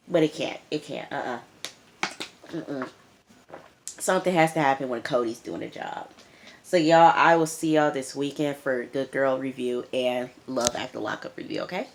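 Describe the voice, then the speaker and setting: A young woman recapping a TV episode in casual chat, animated and emphatic, repeating lines for effect. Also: very deep voice, moderate pace, slight background noise. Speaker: TV show reviewer.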